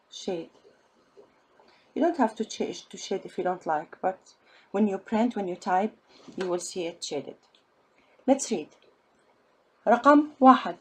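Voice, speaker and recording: Woman, teacher, very slow delivery, husky voice, patient step-by-step. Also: medium pitch, a little mellow. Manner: patient, spells out letters and syllables one by one. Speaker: Arabic teacher. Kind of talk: slow step-by-step language lesson.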